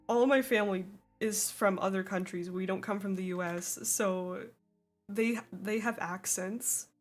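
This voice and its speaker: A young woman streaming while she draws, chatting casually with viewers in a giggly, laughing way at a desk microphone. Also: mid-range voice. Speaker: streamer drawing and reading chat. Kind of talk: casual live-stream chat.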